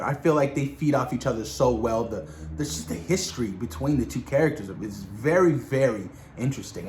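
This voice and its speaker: A man hosting a casual spoiler discussion of a TV episode, talking excitedly in slang straight to his viewers. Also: mid-range voice, a little hiss or hum. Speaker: video host reviewing a TV episode.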